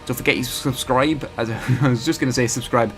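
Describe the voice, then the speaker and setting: A man's voice: medium pitch, a little fast, faint music behind. A man hosting his gaming channel, giving rambling, chatty live commentary over his gameplay and often correcting himself.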